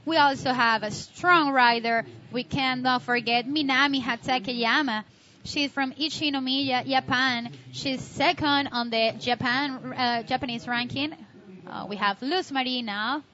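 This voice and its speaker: Enthusiastic high-voiced female co-commentator. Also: bright, forceful tone. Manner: enthusiastic, halting second-language phrasing. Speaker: contest co-commentator. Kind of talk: live sports commentary. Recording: dull lo-fi audio with faint noise.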